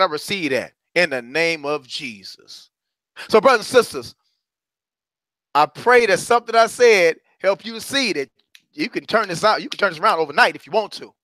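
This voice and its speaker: A middle-aged man giving a fiery, preacher-style motivational talk as a courage coach. He swings from loud exhortation to hushed asides. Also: sits high, no echo.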